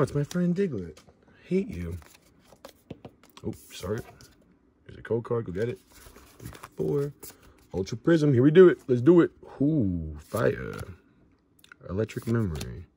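This pack-opening channel host is a young man with a lowish voice, and there's slight background noise. Running through a card-opening video, he names cards casually, trips over a few of them, and whoops and shouts excitedly whenever a big pull shows up.

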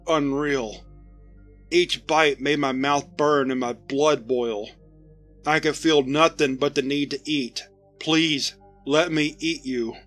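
A man reading the part of a starving, apologetic monster-man soldier, speaking slowly and softly in a begging tone. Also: fairly high pitch, fairly even intonation, faint music behind. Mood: pleading. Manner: slow, soft, begging.

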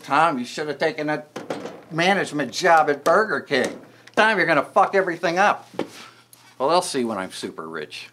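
A man's voice: on the high side, big pitch swings, normal speed, pushed and bright. A man in a comic sketch, talking hesitantly with many stammers and fillers, then turning brash. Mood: brash prank call. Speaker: comedy video maker. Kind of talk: comic sketch with prank call.

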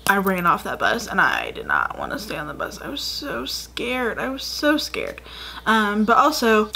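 A woman's voice: medium pitch, a bit bright, slight background noise. A woman in her twenties telling childhood stories to camera in a chatty, rambling way, with many fillers. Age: 20s. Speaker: vlogger. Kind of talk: casual storytelling to camera.

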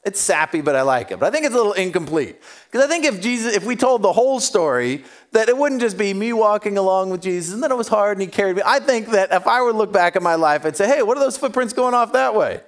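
A man's voice: sits high, expressive, quick pace. A man preaching a sermon, telling stories with humor and acting out the voices of the people in them. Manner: humorous and self-deprecating. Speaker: pastor.

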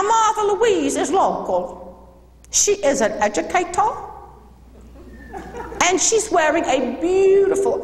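A woman playing a sweet, gushing Southern shop owner who speaks in a slow, syrupy Southern drawl. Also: very high voice, voice pushed up, exaggerated voice. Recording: echoey hall from a distance.

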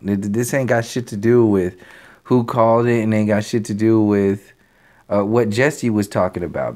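A man ranting to his channel, blunt and profane, stumbling over fillers and restarts as he talks off the cuff. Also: lowish voice. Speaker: channel host. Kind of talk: unscripted ranting commentary.

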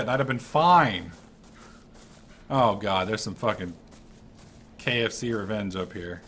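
A man giving casual commentary over his own gameplay, excitable and swearing freely. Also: lowish voice, a little slow, long pauses. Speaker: let's-play gamer.

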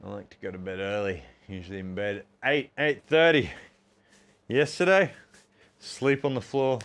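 A man's voice: lowish voice, fairly even intonation, moderate pace, a bit bright. An Australian man in his forties chatting casually and self-mockingly to his viewers while doing push-ups, counting reps between jokes. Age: 40s. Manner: chatty, self-mocking, keeps calling the audience folks. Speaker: fitness streamer. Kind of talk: casual chat while working out.

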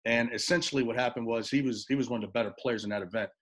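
A middle-aged man tells a recruiting story as a guest coach on a talk. He acts out both sides of phone calls and often stumbles over repeated words, at an ordinary mid pitch. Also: very fast, a bit bright. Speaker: guest college assistant basketball coach.

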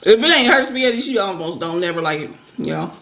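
A woman's voice: fairly low pitch, animated, fast talker, gravelly, a bit bright. A woman co-hosting a mukbang, chatting casually and laughing easily as she eats. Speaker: co-host of a mukbang channel. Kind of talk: casual chat while eating.

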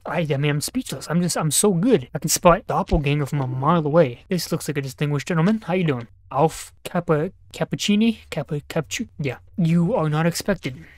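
A man's voice: on the high side, a little fast, few pauses, dry recording. A young man giving casual gameplay commentary, joking and talking back to on-screen characters while muttering notes and numbers to himself. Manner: reads numbers and notes aloud under his breath. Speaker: gaming YouTuber.

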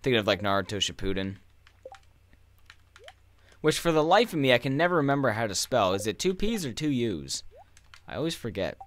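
A man's voice: medium pitch, very animated, brisk, long pauses, a bit bright. A young man chatting casually while playing a game, rambling and swearing as he rants. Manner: profane, ranting, rambling. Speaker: gaming streamer. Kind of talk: casual gameplay commentary.

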